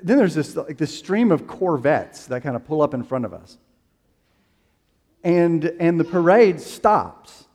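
A man's voice: a little high, a little mellow, big-room sound. A man preaching a sermon as pastor, telling a story casually with fillers and restarts.

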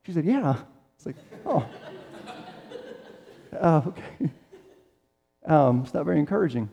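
A man's voice: a little high, measured pace, vocal fry, mellow, lo-fi sound. Man preaching in an echoing hall. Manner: conversational preaching with acted-out quotes. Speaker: pastor. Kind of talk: sermon. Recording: long reverb of a large hall.

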